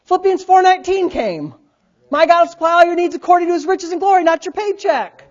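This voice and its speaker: New pastor preaching, gets loud then drops quiet, kinda muffled lo-fi audio. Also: male voice, very high-pitched, quick pace. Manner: animated preaching, swings between loud and quiet. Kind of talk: sermon. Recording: dull lo-fi sound.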